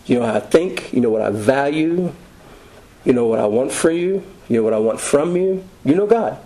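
A man preaching a sermon in a conversational, folksy way, telling stories with quick asides. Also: mid-range voice, animated, dark tone, poor audio.

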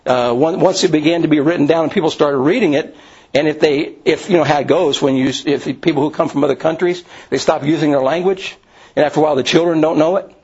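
A man's voice: fairly high pitch, fast talker, darkish tone, husky. Rambling male Bible teacher, lo-fi. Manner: rambling, many restarts and asides. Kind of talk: Bible study lecture. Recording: dull lo-fi recording.

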